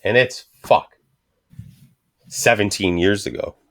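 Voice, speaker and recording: A man's voice: on the low side, slow. A man in his thirties casually telling a story as a podcast guest, swearing constantly and acting out the other people's voices. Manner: profane, animated storyteller.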